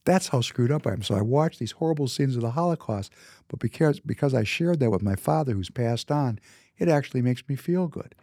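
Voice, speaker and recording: A man's voice: mid-range voice, lively intonation, fairly quick, mellow, no echo, clean studio sound. A man in his fifties from Minnesota tells personal stories in a casual monologue, emphatic and often repeating words for emphasis. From Minnesota, United States. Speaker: businessman.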